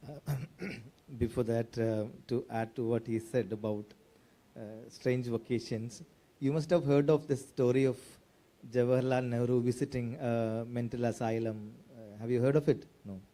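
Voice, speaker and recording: A man answers on a book fair panel with an anecdote. He speaks hesitantly and uses many fillers. His tone is very dark and mellow, with average pitch. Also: fairly even intonation, normal speed. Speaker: panelist, editor and author.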